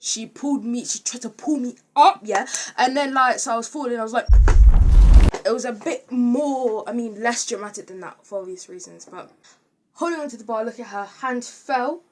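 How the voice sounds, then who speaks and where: Chatty young woman, slightly high. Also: normal speed, noisy background. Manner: chatty, rambling, animated with filler words. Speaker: vlogger. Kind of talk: casual storytime.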